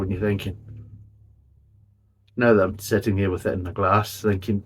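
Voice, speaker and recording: Guy rambling through a beer review, blunt and sweary, low husky voice. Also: flat delivery, normal speed, pauses often. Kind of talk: casual review monologue.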